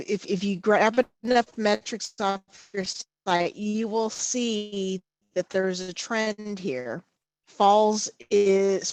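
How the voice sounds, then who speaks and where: A woman presenting a live safety training webinar over a video call, slow and halting, often pausing to check in with "okay". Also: mid-range voice, no room sound. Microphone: computer mic over video call.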